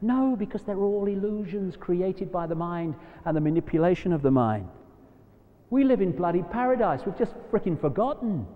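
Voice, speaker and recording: Animated man lecturing in an echoing hall. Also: high-pitched, normal speed. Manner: animated, swings from quiet asides to loud emphatic points. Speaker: speaker giving a live talk. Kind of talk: live lecture to an audience. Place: large hall, live audience. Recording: dull lo-fi live hall recording with long reverb.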